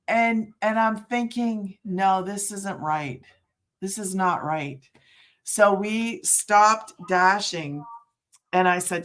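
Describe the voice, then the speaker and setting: Middle-aged woman, regular vlog host, chatty and meandering, breaks off mid-sentence, quick to laugh. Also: mid-range voice, a bit bright. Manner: rambling, self-interrupting, laughs often. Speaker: work-from-home business promoter. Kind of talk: casual livestream chat.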